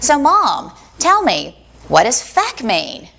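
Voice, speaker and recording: A woman's voice: high voice, wildly swooping pitch, slow pace, vocal fry, pushed and bright, voice pushed up, exaggerated voice. Woman doing a curious little boy. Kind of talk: live personal storytelling on stage.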